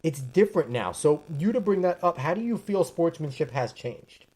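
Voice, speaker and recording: A man's voice: a little high, moderate pace. A man hosting a podcast, chatting casually about sports and talking with emphasis. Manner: emphatic, animated storytelling. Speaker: podcast host.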